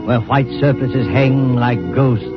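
A man setting scenes in a measured, atmospheric 1940s radio drama narration, on a dull old recording. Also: medium pitch, steady tone, over loud music.

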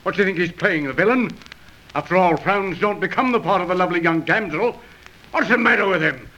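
A man's voice: high voice, lively intonation, fairly quick, bright, forceful tone, rough recording. A man playing a blustering theatre manager. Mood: impatient. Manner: blustering and impatient. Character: gruff male theatre manager, impatient. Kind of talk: old-time radio drama acting.

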